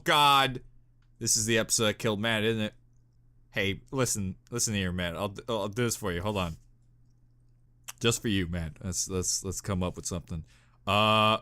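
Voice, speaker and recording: A young man hosting a casual reaction video, talking in an animated, giggly way that swings from loud bursts down to mumbles. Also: on the low side, unhurried, smooth.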